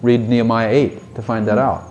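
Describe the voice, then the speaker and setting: A man's voice: mid-range voice, flat delivery, moderate pace, darkish tone, highs cut off. Conversational preacher man, faint hum. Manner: conversational, rhetorical questions, mock voices. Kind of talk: sermon.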